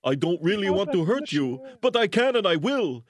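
A man's voice: sits high, sing-song, moderate pace. A man voicing a boastful, blustering Soviet figure in a mock Russian accent for a comedic dramatic reading. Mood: menacing, smug. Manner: theatrical mock-menacing reading.

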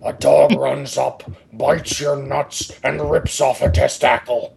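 A man voicing a gruff male ogre who reads out stern advice in a lecturing way. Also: mid-range voice, very animated, a little mellow, full character voice. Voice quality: gravelly, slow. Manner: reads aloud sternly, lecturing, stifling laughter. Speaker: podcast co-host. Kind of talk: comedic reading of an online post.

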